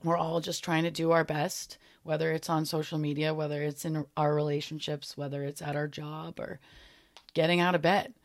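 A woman's voice: sits low, flat delivery, moderate pace. A young woman hosting her own podcast, talking in an earnest, heartfelt way as she reflects on her year. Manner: earnest and heartfelt, a little emotional at times. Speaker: podcast host. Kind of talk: reflective solo podcast talk.

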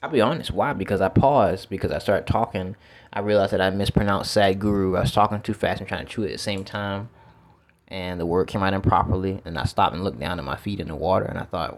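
A low-pitched, fast-talking man who works as a teacher reflects aloud in a casual monologue outdoors with his feet in water. He repeats words now and then and swears occasionally.

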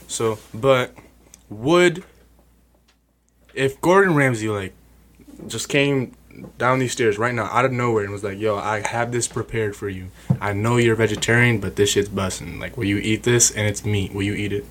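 A man with a fairly low voice chatting easily on a podcast, posing loose, slangy hypotheticals. A faint hum of room ambience sits under his voice. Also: moderate pace, fairly bright tone. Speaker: podcast co-host. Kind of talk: casual chat.

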